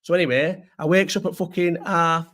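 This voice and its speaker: Rambling, sweary lad. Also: male voice, high-pitched, steady tone, brisk, a bit bright. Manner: rambling, sweary, restarts often. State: sore throat, unwell. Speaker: host. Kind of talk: casual livestream chat.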